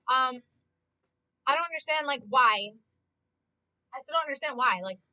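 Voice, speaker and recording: A young woman streaming from home, her voice set high and swooping all over the place. The tone is bright and sharp, and she rants in a loose, foul-mouthed way into a desk mic. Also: rough recording. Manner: animated, profane ranting. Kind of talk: casual live-stream commentary.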